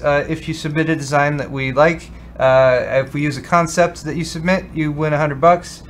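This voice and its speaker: A man co-hosts a casual tech chat with a fairly high voice, stumbling through plugs and announcements with many fillers and restarts. A faint hum sits under the recording. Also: fairly bright tone. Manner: rambling, restarts with many ums and uhs. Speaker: co-host.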